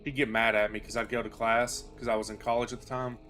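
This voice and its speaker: A man's voice: medium pitch, level tone, fast, pushed and bright, faint music behind. Rambling, chatty male game streamer. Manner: rambling, chatty, self-deprecating asides. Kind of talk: casual chat while playing.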